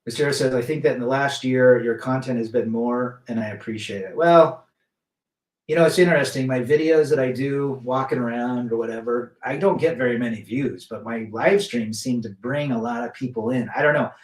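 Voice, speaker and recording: A man's voice: medium pitch, normal speed, reverberant. A man hosting a casual live stream, chatting loosely and reading viewer comments aloud, with frequent restarts. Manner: rambling, many restarts, reads chat aloud.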